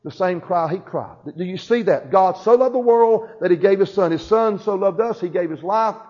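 A man's voice: high voice, moderate pace, darkish tone, highs cut off. A man preaching a sermon, building emphasis and calling for responses from the congregation.

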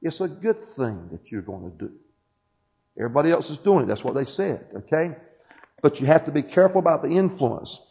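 Animated and a little fast, this pastor's fairly high, dark-toned voice fills a church as he reads from a book to his congregation. He keeps asking "Amen?" throughout, and the sermon recording sounds dull and lo-fi.

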